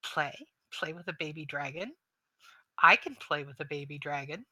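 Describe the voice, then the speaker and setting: A woman's voice: low-pitched, normal speed, sharp tone, no echo, voice pushed down. A woman voicing a mischievous young fairy boy who talks with scorn and teasing. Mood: playful.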